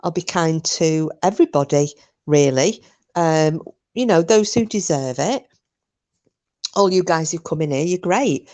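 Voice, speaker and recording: A woman's voice: low voice, lively intonation, a little slow, dark tone. A woman hosting a live chat with viewers, talking bluntly and casually, swearing freely. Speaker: livestream host chatting with viewers.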